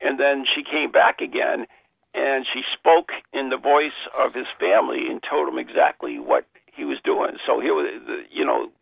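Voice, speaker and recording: Gravelly, husky male radio host. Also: mid-range voice, lively intonation, moderate pace, dry recording, phone-quality sound. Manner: rambling, chatty storyteller. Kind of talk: radio talk show.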